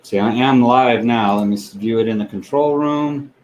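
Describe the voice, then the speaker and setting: A man hosting a livestream, chatting casually and haltingly as he thinks aloud with frequent fillers. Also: mid-range voice, a little mellow, poor audio. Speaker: livestream host. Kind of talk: casual stream setup chat.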